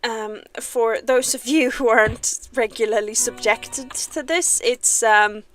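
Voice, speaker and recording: A woman's voice: on the high side, fairly even intonation, takes it slowly, fairly bright tone, soft background music. A young woman casually chatting on a game livestream, self-deprecating and laughing often. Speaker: game streamer.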